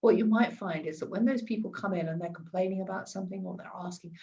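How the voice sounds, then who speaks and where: A woman's voice: lowish voice, fast talker, vocal fry, hardly any pauses, mellow, recorded from a distance, highs cut off. A woman giving chatty advice in a live stream, often repeating and restarting words. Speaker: wellness coach.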